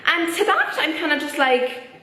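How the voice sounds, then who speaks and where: A woman's voice: high-pitched, very animated, moderate pace, pushed and bright. A young woman with an Irish accent giving her opinions in a casual vlog, chatty and full of filler words. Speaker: vlogger. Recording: echoey room.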